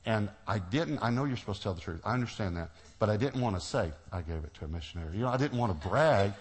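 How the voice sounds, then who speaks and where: A middle-aged preacher with a fairly low voice tells a personal story from the pulpit. He acts out each exchange and laughs as he goes. The delivery is lively storytelling rather than a lecture. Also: fast talker. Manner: animated storyteller, acts out dialogue, laughs often. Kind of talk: sermon storytelling.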